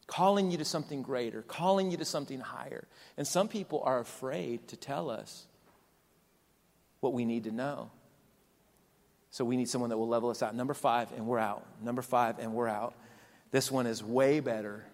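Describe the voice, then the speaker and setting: A male pastor preaching a sermon, repeating phrases with emphasis and swinging between loud and soft. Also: medium pitch. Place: large church hall. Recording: long hall reverb with soft music behind.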